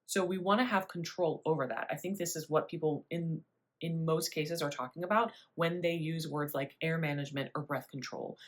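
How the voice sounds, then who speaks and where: A young adult woman voice teacher explaining breathing in a relaxed, chatty way with little laughs. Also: on the low side. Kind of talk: spoken singing lesson.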